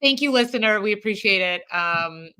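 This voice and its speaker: A woman co-hosting a sports podcast, playful and giggly in quick bursts. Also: mid-range voice, expressive, bright, forceful tone, clear, resonant tone. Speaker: podcast co-host. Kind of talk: casual sports chat.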